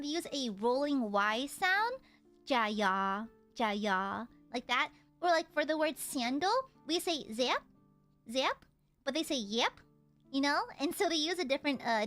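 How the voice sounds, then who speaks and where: Young American woman, high bright voice, chatty streamer who code-switches into Vietnamese. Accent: American English. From United States. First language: Vietnamese heritage speaker. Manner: chatty, switches between English and Vietnamese, laughs often. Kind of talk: casual chat while painting miniatures.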